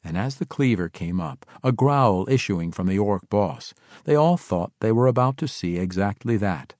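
Low-voiced expressive male storyteller. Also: normal speed, no room sound, clean studio sound. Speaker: audiobook narrator. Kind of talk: scripted fantasy narration.

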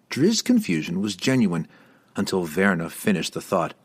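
A male narrator reads a fantasy novel with a dramatic, expressive delivery. His voice is lowish and a little husky, and it moves lively up and down through each sentence. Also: normal speed. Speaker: audiobook narrator.

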